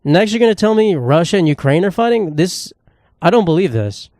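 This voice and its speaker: A man's voice: sits high, big pitch swings, brisk, a little mellow, no echo, clean studio sound. A young man, hosting a solo comedy podcast in a profane, sarcastic, rambling rant. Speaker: podcast host.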